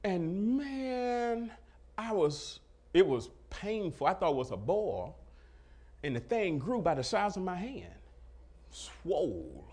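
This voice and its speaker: A middle-aged man preaches a personal testimony. His voice sits a little high and swings up and down a lot as he acts out the dialogue. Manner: animated storytelling, acting out dialogue, laughing. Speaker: pastor. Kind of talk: sermon testimony.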